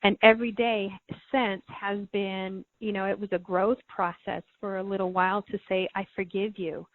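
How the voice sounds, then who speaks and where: A woman's voice: mid-range voice, flat delivery, moderate pace, no room sound. A middle-aged woman, a podcast guest, earnestly telling a personal story and repeating words when moved. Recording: thin phone-like line, dry.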